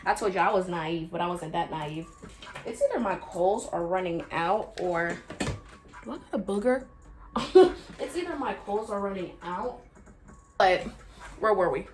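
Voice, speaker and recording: A young woman vlogger telling a casual storytime, acting out quoted lines with big jumps in pitch and dropping into quiet low asides. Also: animated, unhurried, pauses often, noisy background.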